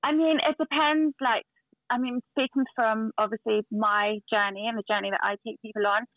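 A woman's voice: on the high side, fairly even intonation, normal speed, no echo. Woman, earnest storyteller, tinny phone-like sound, dry, casual chat. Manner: earnest, storytelling with restarts and fillers. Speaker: guest.

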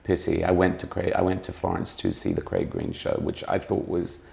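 A man's voice: low voice, very animated, fairly quick, gravelly, darkish tone. A man speaking as a fashion critic in a conversational interview, musing and often circling back to rephrase his points.

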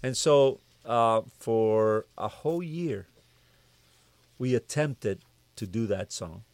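Lively male producer telling stories. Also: mid-range voice, slow, dry recording. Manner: animated storyteller who acts out quoted dialogue. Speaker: music producer guest. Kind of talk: storytelling interview chat.

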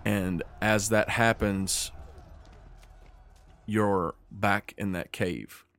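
A man's voice: on the low side, fairly even intonation, fairly bright tone. A man running a tabletop game as game master, narrating scenes vividly and calling rolls. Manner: vivid, descriptive narration with quick rules calls.

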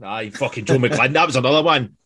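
A man's voice: mid-range voice, fast talker, bright, forceful tone, husky. A man telling sweary, laughing stories in casual chat as a band member on a podcast. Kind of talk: casual storytelling.

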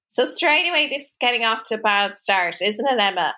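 A woman chats on her podcast in a bright, sharp voice that sits a little high. She tells stories with lots of energy and laughs often. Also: brisk, hardly any pauses. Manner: animated storytelling, laughs often, acts out quotes. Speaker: podcast co-host. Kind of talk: casual chat.

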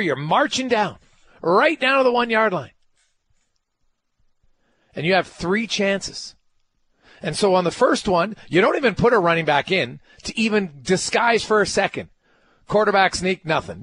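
A man's voice: sits high, a bit bright, husky, no room sound. A man hosting a sports talk radio show, emphatic and ranting, firing off rhetorical questions.

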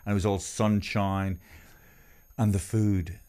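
A middle-aged Irish man hosting a podcast chat with a lowish voice. He teases his guests and jumps up into loud, laughing bursts. His talk is casual and quick to joke. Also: level tone. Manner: jokey, teasing, bursts up loudly. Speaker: podcast host.

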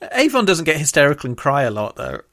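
A woman's voice: deep voice, very animated, a little fast, a bit bright. A woman co-hosting a podcast and fondly talking through a TV show. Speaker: podcast co-host. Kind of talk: casual chat reviewing a TV show.

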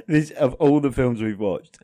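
A man's voice: medium pitch, a little slow, mellow. A man co-hosting a casual podcast, constantly amused and giggling, with casual swearing. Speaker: podcast co-host.

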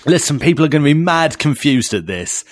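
A man's voice: fairly high pitch, very animated, a little fast, dry recording, faint music behind. A young man with an Essex accent co-hosting a podcast, chatty and rambling, saying "mate" a lot. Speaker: podcast co-host. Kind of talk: casual chat.

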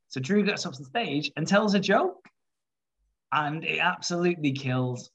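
A man's voice: fairly high pitch, animated, unhurried, a bit bright, highs cut off. A man co-hosting a casual chat show, retelling episodes in a rambling way, laughing often and putting on voices for the characters. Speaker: podcast co-host. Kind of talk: casual chat recapping a soap.

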